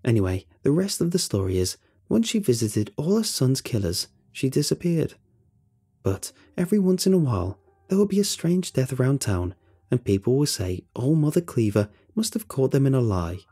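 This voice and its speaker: An excitable older boy, as a man puts him on tells his tale in a raised, animated voice with a husky edge. He teases and bosses, his pitch lifted high above a grown man's. It is a storybook figure. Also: moderate pace. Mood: offhand.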